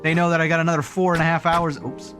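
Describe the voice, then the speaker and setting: A man streaming a game live, joking and mocking himself with quick outbursts. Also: a little high, little pitch movement. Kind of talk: live gameplay commentary. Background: game music.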